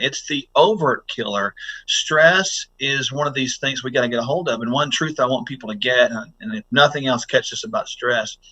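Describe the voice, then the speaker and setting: A man with a bright, forward voice guests on a podcast as a health doctor. He talks in an earnest, teacherly way and walks the listener step by step through simple exercises. His pitch sits in an ordinary middle range. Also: poor audio. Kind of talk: podcast interview.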